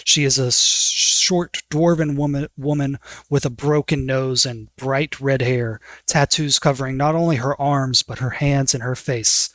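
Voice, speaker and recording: A man's voice: medium pitch, fairly even intonation, measured pace, few pauses, fairly bright tone, dry recording. A man running a tabletop game as game master, narrating scenes in a casual, descriptive way.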